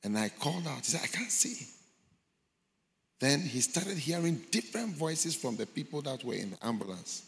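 A man's voice: medium pitch, big pitch swings, brisk, vocal fry, hardly any pauses. A man preaching a sermon, telling a story dramatically and acting out the voices in it. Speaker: pastor. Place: large church hall. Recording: long hall reverb in a large church.

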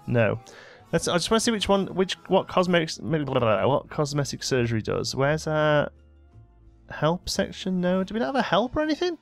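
A man's voice: on the high side, big pitch swings, normal speed, creaky, faint music behind. A young man giving casual gameplay commentary, bossing his in-game characters around with mock exasperation. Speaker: let's play host.

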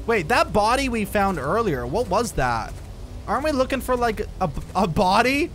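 A man's voice: high-pitched, big pitch swings, normal speed, fairly bright tone, faint music behind. A young man playing a horror game and commenting on it, jumpy and exclaiming, with bursts of nervous laughter. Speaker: gaming YouTuber. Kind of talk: horror let's play commentary.

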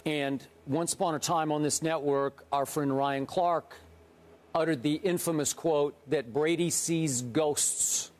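A man arguing his point as a sports debate show host, growing emphatic and rising in pitch as he presses it. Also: steady tone, a little slow, a little mellow. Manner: emphatic, rises in pitch when worked up.

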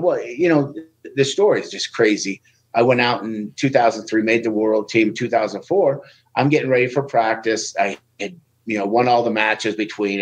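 Animated storytelling man. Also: on the low side, rough recording. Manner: animated, acts out quoted speech in a raised voice. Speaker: guest, Olympic wrestler. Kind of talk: casual podcast storytelling.

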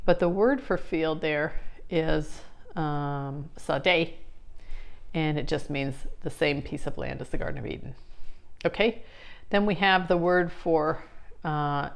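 A woman's voice: low-pitched, takes it slowly, vocal fry. A woman explaining scripture in a casual teaching talk, chatty and full of fillers and restarts. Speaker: Bible study teacher.

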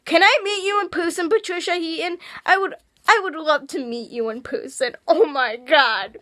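A young woman vlogging in casual chat, rambling with restarts and gushing with excitement. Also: very high-pitched, moderate pace, dry recording. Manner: excitable, gushing, shrieks when thrilled.

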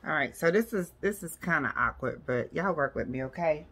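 Low-voiced chatty woman. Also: expressive, fairly quick, bright, forceful tone, breathy edge. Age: 40s. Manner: chatty, addresses viewers as y'all and girl. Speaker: lifestyle vlogger. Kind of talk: casual chat to camera. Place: at home, decorating a room.

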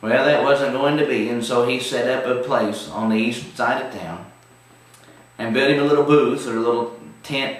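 A man's voice: medium pitch, steady tone, moderate pace. A man teaching a televised Bible study in a folksy, emphatic way. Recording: very echoey room, distant mic.

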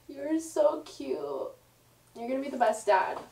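A woman's voice: sits high, animated, slow, a little mellow. A young woman vlogging with her partner, giggling through her words and apologizing often. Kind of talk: casual couple vlog. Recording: echoey room, mic at a distance.

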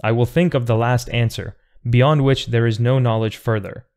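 A man's voice: medium pitch, fairly even intonation, moderate pace, darkish tone, lightly acted. A man reading an audiobook, voicing a thoughtful, defiant man in an earnest, precise, argumentative way.

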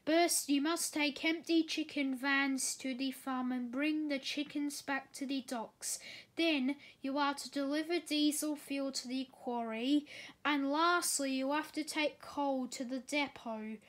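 A woman's voice: high voice, steady tone, measured pace. A woman voicing a stern male railway boss giving orders, reading a storybook aloud. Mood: commanding.

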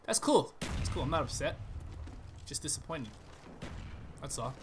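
A man's voice: fairly high pitch, very animated, unhurried, over music. A man giving profane, trash-talking live commentary over a shooter game he is playing. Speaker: gaming channel host.

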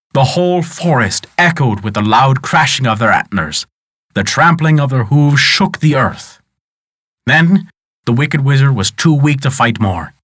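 Male storyteller, mid pitch, measured folk-tale narration, dry close recording. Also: a bit bright, dry recording. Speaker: podcast storyteller.

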